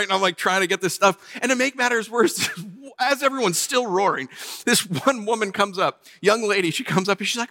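A man preaching a sermon, telling a funny personal story with lively, animated delivery. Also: high-pitched, fairly quick, gravelly. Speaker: pastor.

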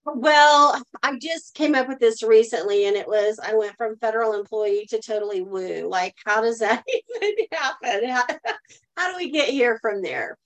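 Speaking at a normal pace in a higher-pitched voice, a middle-aged woman earnestly shares a personal story as a guest in a live online talk and asks the audience to reply in the chat. The audio quality is poor.

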